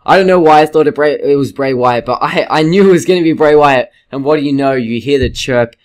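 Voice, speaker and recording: A man giving a casual, rambling video review, excitable and swearing freely. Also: on the high side, brisk. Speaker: wrestling reviewer.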